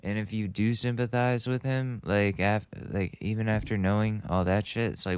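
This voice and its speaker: A man's voice: on the low side, steady tone, normal speed, few pauses, smooth, dry recording. A young man hosting a podcast, riffing casually and joking about a clip he is playing. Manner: rambling, joking, laughs at own bits. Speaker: podcast host. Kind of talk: casual comedic commentary.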